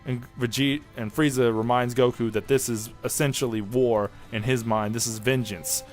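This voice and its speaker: A man giving a casual spoken review of an anime episode, rambling and excitable, often restarting and correcting himself. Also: mid-range voice, moderate pace, faint music behind.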